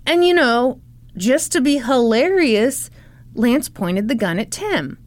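A woman with a fairly high voice telling a true-crime story to her co-host. She talks casually and sarcastically, with laughing asides and the occasional swear word. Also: expressive, slow, no room sound.

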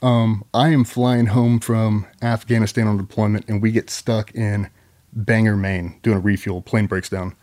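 A man's voice: lowish voice, little pitch movement, normal speed, darkish tone. Man telling stories loosely. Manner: loose and profane, frequent ums and likes. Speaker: guest, military veteran. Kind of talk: casual storytelling.

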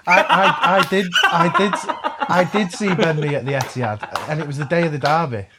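A man talking as a podcast guest in casual chat, animated and full of sweary banter. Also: a little high, a little fast, heavy background noise.

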